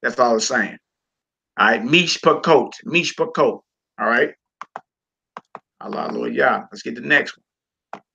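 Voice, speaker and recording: A man teaching a Hebrew reading class in a relaxed, informal way, talking to students while he works the screen. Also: medium pitch, a little slow, creaky, long pauses, husky. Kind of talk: casual online class lesson. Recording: lo-fi recording.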